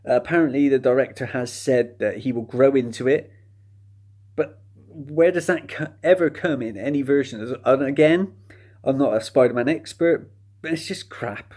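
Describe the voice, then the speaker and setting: A man's voice: mid-range voice, normal speed, darkish tone. A man giving a casual, chatty spoken film review, sardonic and mocking the plot.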